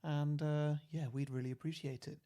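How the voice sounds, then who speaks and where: Brief: male host, slightly high voice, relaxed, easy laughs. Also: normal speed. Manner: laid-back, laughing easily, short replies. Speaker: podcast host. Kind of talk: casual film chat and show plug.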